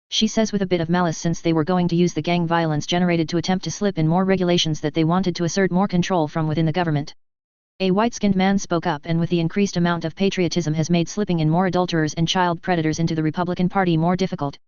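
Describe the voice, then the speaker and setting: A woman reads a story aloud quickly, her voice lowish, crisp and very clear. The sound is dry and close but a little dull and muffled, like a simple home recording. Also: steady tone, a little mellow, dry recording. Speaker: fan fiction reader. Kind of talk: reading a story aloud, voices done lightly.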